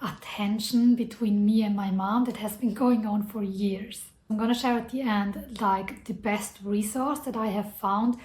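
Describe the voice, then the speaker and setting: Speaking to camera in an echoey room, a self-development vlogger gives earnest, reflective advice about personal growth, leaning heavily on casual "like" fillers. Her mid-range voice is a little mellow, with fairly even intonation and a measured pace that hardly pauses.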